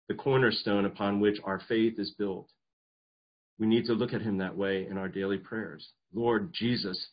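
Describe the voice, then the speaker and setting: A man's voice: lowish voice, slightly rough, highs cut off. A man preaching a sermon, earnest, often restarting and repeating words as he goes. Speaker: pastor.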